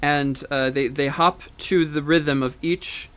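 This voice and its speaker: A man's voice: fairly high pitch, fairly even intonation, slow, fairly bright tone, clear, resonant tone. Man lecturing, humming rhythms aloud. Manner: explanatory, counts beats aloud and hums rhythms; frequent fillers and restarts. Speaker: music lecturer. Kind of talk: recorded university lecture.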